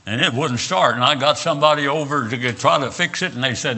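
A man's voice: mid-range voice, quick pace, hardly any pauses, bright, forceful tone. An older man from West Virginia with a Southern accent, preaching a sermon and telling folksy personal stories with frequent "uh"s and repeated words.

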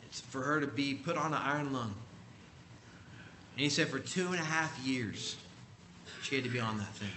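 A man's voice: medium pitch, normal speed, long pauses, pushed and bright, a little hiss or hum. A man preaching, telling a story emphatically and acting out the people he quotes. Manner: emphatic, acts out quoted voices. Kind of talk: sermon storytelling.

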